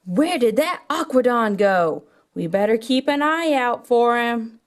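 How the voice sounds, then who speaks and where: Slow, singsong woman narrating toy play. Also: on the high side. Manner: animated, storytelling.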